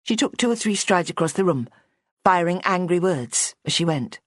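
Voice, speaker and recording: A woman with a fairly low voice narrates a mystery audiobook in a measured, even storytelling style. The scripted narration is studio quality with no echo.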